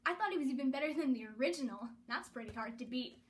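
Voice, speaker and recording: A woman reading a children's story aloud in an expressive, animated way. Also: high-pitched, fast, a little hiss or hum.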